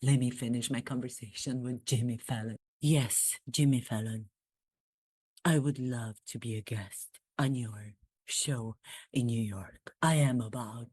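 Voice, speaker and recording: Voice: medium pitch, a little mellow, slightly rough, no room sound, studio quality. A performer doing a comic impression of a royal prince, speaking in a stiff, formal, self-deprecating way without a put-on accent.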